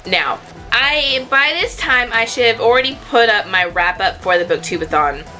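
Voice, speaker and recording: A woman's voice: a little high, lively intonation, normal speed, sharp tone, soft background music. A young woman chatting casually to camera about books, rambling and correcting herself as she goes. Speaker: book vlogger.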